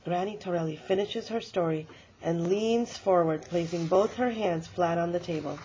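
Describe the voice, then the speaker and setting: A woman, an elementary school tutor, reading a children's book aloud in an expressive way. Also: on the low side, moderate pace, muffled recording, slight background noise.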